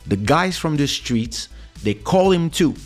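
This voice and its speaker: A man's voice: a little high, expressive, measured pace, faint music behind. A man hosting a podcast, telling a story casually and acting out other people's lines with big jumps in his voice, on a studio mic. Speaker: podcast host.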